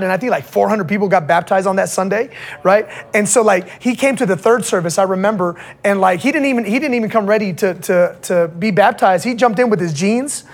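Husky-voiced casual preacher. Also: medium pitch. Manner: casual slangy preaching with constant "right?" check-ins. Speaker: pastor. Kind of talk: sermon to young people.

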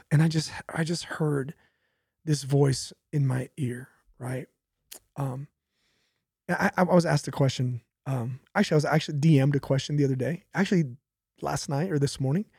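A man's voice: a little high, creaky, a little mellow, husky, no echo, studio quality. A young man, a pastor, talking casually about faith, telling stories animatedly with laughs and repetition.

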